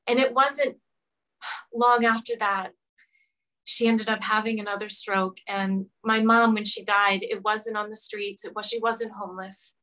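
Bright-voiced woman telling a heartfelt story. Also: medium pitch, steady tone, unhurried, poor audio. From Rhode Island. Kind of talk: emotional personal story in interview.

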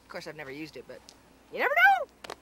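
A woman's voice: lowish voice, huge pitch swings, fast, heavy background noise. An actress playing a flighty, touchy young woman with a whiny, girlish voice and dramatic outbursts. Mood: chatty. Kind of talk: comedy sketch acting.

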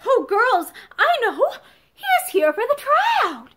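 Brief: boastful, joking teenage schoolgirl in a storybook, high and lively, read by a woman. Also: moderate pace, heavily acted. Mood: playful. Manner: cheeky, boastful.

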